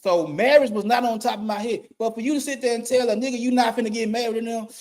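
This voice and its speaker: A man's voice: very high voice, brisk, few pauses. A middle-aged man, a YouTube commentator giving a blunt, profane rant and repeating his points for emphasis. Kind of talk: ranting monologue.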